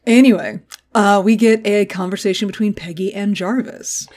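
Woman, podcast co-host, casual recap chat, animated, salty language, acts out lines. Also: medium pitch, normal speed. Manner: animated, swears freely, acts out character lines.

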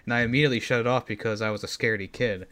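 A man's voice: mid-range voice, steady tone, rapid-fire, a crowd in the background. Man telling a rambling movie anecdote. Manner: rambling storyteller, laughs at his own anecdotes. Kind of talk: casual podcast chat about a movie.

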